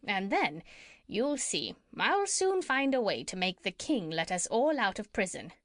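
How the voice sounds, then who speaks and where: A woman voicing a clever, bossy female parrot in a storybook reading, brisk and self-assured. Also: mid-range voice, very animated, dry recording, clean studio sound. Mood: scheming.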